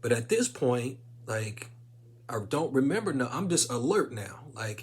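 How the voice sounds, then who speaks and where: Husky guy chatting to camera, laid back, lots of ums and likes. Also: medium pitch, a little slow. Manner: relaxed, many fillers, acts out quotes. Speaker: vlogger sharing a personal story. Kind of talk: casual storytelling to camera.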